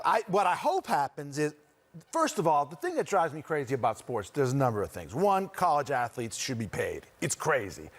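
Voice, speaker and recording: A man in his forties who grew up near Boston, a guest actor chatting casually on a sports show, talking in loose, rambling sentences with many fillers and restarts. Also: on the high side. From Boston area. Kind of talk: casual chat.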